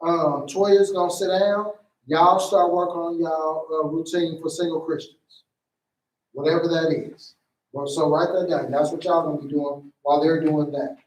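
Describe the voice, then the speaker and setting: A man runs a play rehearsal, calling out blocking and jumping into the characters' lines with animated energy. His voice sits high for a man. He is recorded from a distance in a room that echoes around him. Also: moderate pace. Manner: animated, acts out lines in a higher voice. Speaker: stage play director. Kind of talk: directing a rehearsal, giving blocking notes. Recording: echoey room, voice away from the mic.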